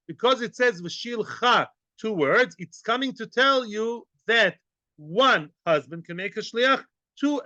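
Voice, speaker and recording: A man's voice: high-pitched, bright, forceful tone, no echo, dull audio. A man teaching a Talmud class, joking and quizzing his students with questions as he goes.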